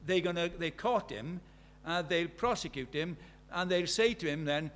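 A man's voice: a little high, moderate pace, fairly bright tone. A middle-aged man from Britain preaching a sermon, telling stories with acted-out dialogue and firing rhetorical questions.

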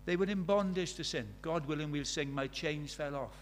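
A man's voice: fairly high pitch, normal speed, a little hiss or hum. An older man, preaching a sermon in a conversational way, full of rhetorical questions.

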